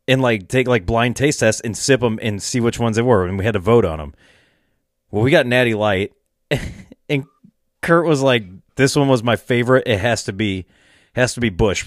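A man's voice: mid-range voice, dry recording, clean studio sound. A man telling rambling stories in casual chat, laughing and swearing often.

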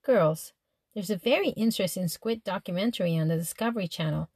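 A woman's voice: mid-range voice, fairly quick, darkish tone, breathy edge, no room sound, clean studio sound. A woman voicing a middle-aged male psychoanalyst father who hovers over two teenage girls and tries to analyze them. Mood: prying. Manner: overly attentive, prying.

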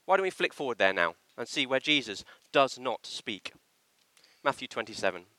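A man preaching a sermon in a church, with an animated, emphatic delivery that slips into acted quotations. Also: medium pitch, normal speed, dry recording.

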